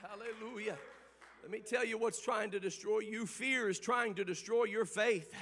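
A man preaching a sermon with fervor, moving from quiet talk to shouting and half-singing. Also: high voice, steady tone, moderate pace, in a large hall, a little hiss or hum.

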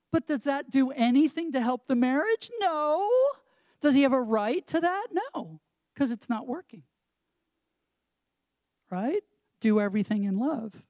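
A man's voice: extremely high pitch, a little mellow, no echo. A man co-hosting a casual talk about marriage as a counselor, explaining reflectively with examples and rhetorical questions. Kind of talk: casual chat with a pastoral tone.

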